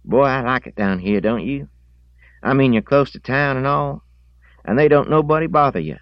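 Man narrator voices a high-pitched, twitchy boy, anxious and overeager, in a dry, slightly dull audiobook recording. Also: lively intonation, normal speed, dry recording, close to an everyday voice. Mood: nervous. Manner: high, nervous, eager to please. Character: scrawny nervous boy, high-voiced and jittery.

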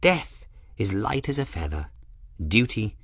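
A man voicing an eccentric, pompous old male scholar-mage in a storybook, lofty and theatrical, with big leaps in pitch. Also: very animated, a little slow, fairly bright tone, no room sound, clean studio sound, full character voice. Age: older.

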